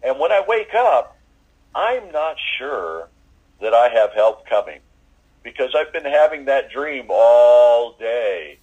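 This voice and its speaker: A man giving a personal faith testimony as an interviewee, talking in a halting way with many fillers and restarts. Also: mid-range voice, very animated, a little mellow, husky, highs cut off.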